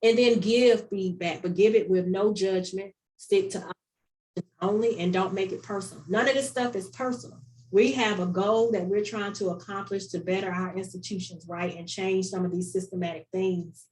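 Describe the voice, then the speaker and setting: A woman's voice: medium pitch, steady tone, moderate pace, darkish tone, distant mic, low-quality recording. A woman with a Southern US accent giving an online conference presentation, earnest and repeating key phrases for emphasis. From North Carolina. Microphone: video call.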